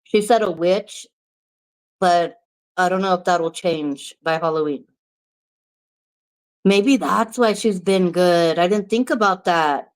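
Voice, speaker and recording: A woman's voice: on the low side, slow, pauses often, poor audio. A woman vlogger from New Mexico chatting casually to the camera, candid, swearing freely and laughing often.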